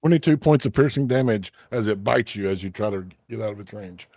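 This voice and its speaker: Low-voiced game master, dry sound. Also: male voice, expressive, brisk, mellow, dry recording. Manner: matter-of-fact, calling out damage and rolls. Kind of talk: running a tabletop game.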